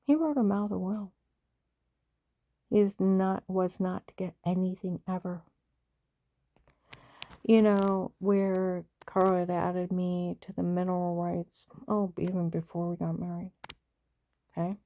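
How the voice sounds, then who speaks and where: A woman's voice: on the low side, fairly even intonation, unhurried, pauses often, lo-fi sound. A woman delivering an angry personal monologue, indignant and emphatic, who says she stutters when upset. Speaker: vlogger.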